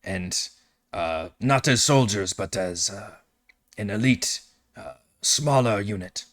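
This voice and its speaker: A man's voice: lowish voice, slow, fairly bright tone. A man voicing a hesitant, formal marshal. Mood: deferential. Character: dutiful, deferential male military marshal.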